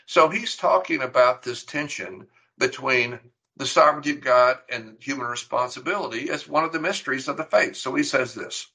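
A man's voice: medium pitch, normal speed, creaky, bright, forceful tone, low-quality recording. A middle-aged man preaching a sermon, teaching earnestly and emphatically, with rhetorical questions. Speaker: pastor.

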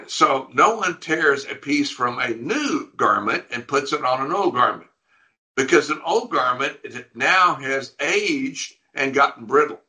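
A man with a bright, forward voice at middle pitch, teaching through a passage of scripture. He reads verses aloud and then explains them, often stopping to restart a phrase. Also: lively intonation, a little slow. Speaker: pastor.

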